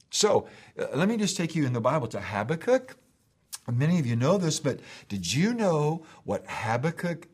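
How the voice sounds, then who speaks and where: A man's voice: fairly high pitch, slightly rough. A middle-aged man preaching a sermon as pastor in his church, emphatic, with repeated phrases that build to rising calls.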